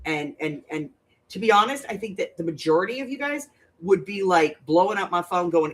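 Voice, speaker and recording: A grandmother running a crafting stream talks fairly quickly and animatedly in a mid-range voice. The older woman's casual chat is blunt and rambling, pitched directly at her audience.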